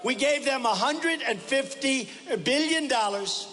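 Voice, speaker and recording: A high-pitched man delivers a campaign rally speech with a bright, forceful edge, repeating short punchy phrases and often breaking into shouts. His voice carries a long hall reverb with faint ambience underneath. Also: expressive, measured pace, slight background noise. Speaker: political candidate at a rally. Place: large rally venue.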